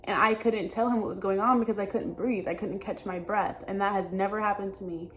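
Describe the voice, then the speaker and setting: A young adult woman talking openly in a personal vlog, halting and hesitant, often restarting her sentences. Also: mid-range voice, steady tone, a bit bright, slight background noise. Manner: earnest and open. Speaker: vlogger.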